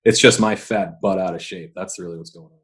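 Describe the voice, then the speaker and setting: Deep-voiced hype podcast host man. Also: fairly quick, husky. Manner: energetic, hype-building introductions. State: out of breath. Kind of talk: podcast interview.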